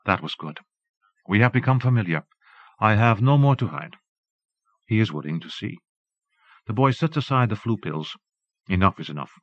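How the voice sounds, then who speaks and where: A man narrating a literary audiobook in a measured, even reading. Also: on the low side, no echo. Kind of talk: scripted narration. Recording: dull dry tape recording.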